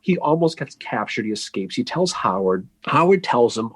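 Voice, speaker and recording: A man co-hosts a history podcast and tells it like a lively story, teasing his partner and acting out the quotes. His voice is a bit husky and swings widely in pitch. The recording is dry and close. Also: normal speed, no echo. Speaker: podcast co-host.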